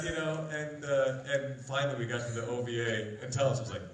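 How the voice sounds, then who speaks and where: A man's voice: medium pitch, brisk, few pauses. A voice actor telling behind-the-scenes stories on a convention panel. He talks animatedly and acts out the voices of the people he quotes. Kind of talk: anecdotal panel storytelling. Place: large convention hall. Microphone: phone recording from the audience. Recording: roomy, distant hall sound with faint crowd ambience.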